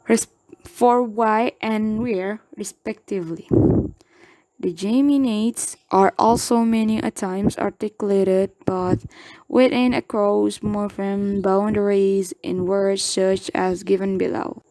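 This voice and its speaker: A woman's voice: medium pitch, fairly even intonation, slow pace, darkish tone, no room sound. A young adult woman from Indonesia reading a class presentation as a university student, carefully saying each example word twice.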